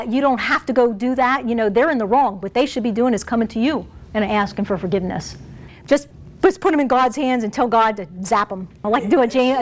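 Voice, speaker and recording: A woman giving an informal Bible teaching, chatty and animated, often laughing and restarting phrases. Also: high-pitched. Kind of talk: informal sermon.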